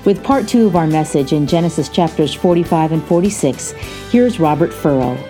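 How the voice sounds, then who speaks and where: A female announcer reading a scripted introduction to a sermon program in a smooth, measured way. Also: low-pitched, lively intonation, music in the background.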